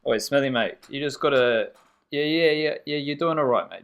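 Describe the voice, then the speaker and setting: A man's voice: medium pitch, moderate pace, fairly bright tone, clear, resonant tone. A man with a New Zealand accent co-hosting a casual sports podcast, throwing in jokey slang and steering the chat with questions. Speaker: co-host.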